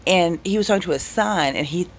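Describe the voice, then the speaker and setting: Speaking a little fast in a voice that sits high, a vlogger shares rambling, lively anecdotes in a casual way. He interrupts himself and restarts again and again over slight background noise.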